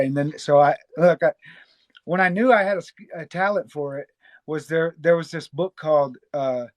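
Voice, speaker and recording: A man from Memphis hosting a live stream, chatting casually and excitedly, swearing and laughing often. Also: a little high, no echo. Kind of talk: casual chat.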